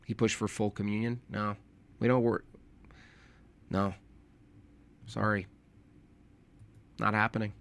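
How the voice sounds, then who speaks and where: A man's voice: fairly low pitch, level tone, slow pace, creaky, pauses often, a bit bright, clean tone. A young man talking casually on a live stream, rambling and correcting himself, with informal slang.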